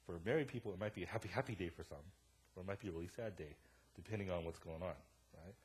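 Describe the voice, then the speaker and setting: Young male pastor, casual joking sermon, slightly husky, big jumps in volume. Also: deep voice, fast. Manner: casual, joking storyteller with a wide swing in loudness. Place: church sanctuary.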